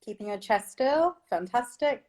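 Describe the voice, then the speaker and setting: A woman's voice: on the high side, lively intonation, a little slow, darkish tone. A woman vocal coach guiding listeners through breathing exercises, encouraging and instructive, laughing often.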